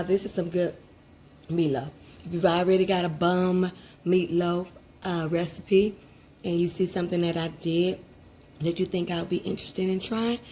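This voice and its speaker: A woman hosts a casual cooking vlog from her home kitchen, chatting warmly and openly with her viewers. Her voice sits a little low and sounds mellow and dark. A faint hum of noise sits under the recording. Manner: chatty and heartfelt, addresses viewers directly. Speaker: cooking channel host.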